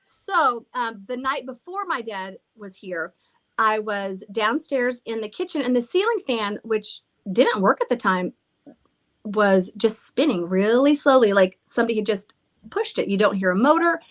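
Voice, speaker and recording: A woman's voice: a little high, sing-song, normal speed. A middle-aged woman who owns a haunted house, rambling through stories in casual chat, laughing and swearing freely. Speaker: haunted villa owner.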